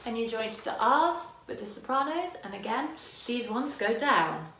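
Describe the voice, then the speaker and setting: A woman's voice: fairly high pitch, lively intonation, normal speed, a bit bright, reverberant, a little hiss or hum. A woman choir director teaching parts by singing them, her voice tired today. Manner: demonstrates lines by singing, chatty and self-correcting. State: tired voice, using head voice.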